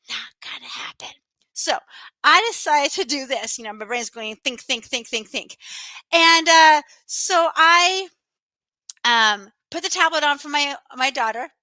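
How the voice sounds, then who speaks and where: Bright, chatty woman on a webcam. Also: sits high, no echo. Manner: chatty, animated, laughs often. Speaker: online teacher. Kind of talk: casual chat to viewers. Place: home office.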